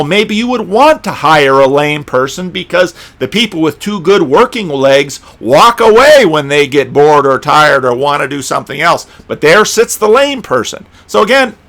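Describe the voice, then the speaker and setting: A man's voice: a little high, fairly bright tone. A middle-aged man giving a rambling solo commentary, thinking aloud and restarting his sentences as he talks. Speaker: pastor and video commentator.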